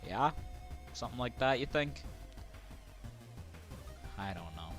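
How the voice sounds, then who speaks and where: A man's voice: medium pitch, expressive, slow, pauses often, fairly bright tone, soft background music. A man streaming a video game live, reading the on-screen text aloud between casual asides to his viewers. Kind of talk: live gameplay commentary.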